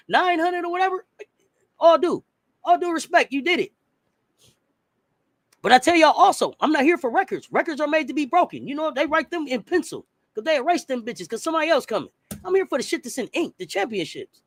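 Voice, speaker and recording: A man's voice: very high voice, no echo, clean studio sound. A man in a heated sports talk rant, blunt and profane, firing off rhetorical questions. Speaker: sports commentator.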